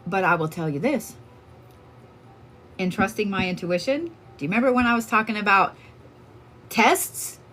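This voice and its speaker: A woman's voice: medium pitch, normal speed, pauses often, fairly bright tone, a little hiss or hum. A woman from Oklahoma, a tarot card reader chatting casually on a livestream, telling stories in a candid, profane way with lots of fillers.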